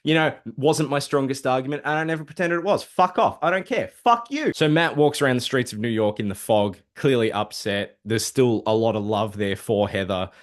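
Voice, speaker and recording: A man casually recapping a dark comic book story, swearing freely and throwing in sarcastic asides. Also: mid-range voice, steady tone, brisk, few pauses. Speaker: comic book video host.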